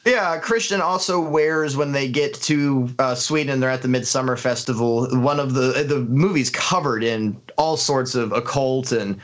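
A man co-hosting a casual film review podcast, talking in an earnest, analytical way with frequent pauses and fillers. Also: medium pitch. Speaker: podcast co-host.

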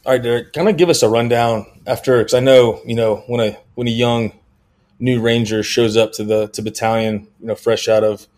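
A man hosting a podcast, chatting easily with his guest and reading a sponsor plug in a relaxed conversational way. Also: medium pitch, brisk. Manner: easygoing, reads ad in relaxed conversational way. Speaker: podcast host. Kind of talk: casual podcast chat and host-read ad.

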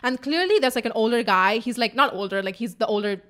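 A young woman speaks quickly in a slightly high voice, telling a story with lots of excitement. She swears freely and jumps into little acted-out quotes as she goes. It sounds like casual chat between co-hosts. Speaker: co-host.

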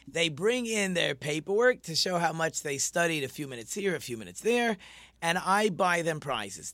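Chatty rabbi hosting a talk show. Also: male voice, fairly high pitch, a bit bright, no echo. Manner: chatty, rambling anecdotal storytelling with fillers. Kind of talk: casual radio-style talk show.

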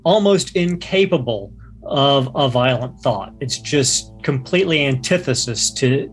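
A man's voice: mid-range voice, lively intonation, a little slow, soft background music. Earnest man describing a character. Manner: earnest, with fillers. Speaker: player. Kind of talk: tabletop game chat.

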